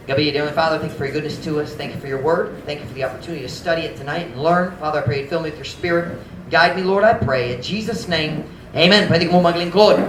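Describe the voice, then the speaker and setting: A man's voice: a little high, background noise. A man preaching a sermon as pastor, switching between languages, stopping to check words with the congregation and building to emphatic questions. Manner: mixes English and Cebuano, often pauses to ask about words; rises to forceful emphatic questions. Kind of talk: bilingual sermon. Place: church. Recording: echoey church hall.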